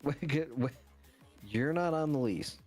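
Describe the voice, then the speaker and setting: A man's voice: on the high side, a little slow, darkish tone, soft background music. A man co-hosting a casual livestream, teasing the host with short interjections.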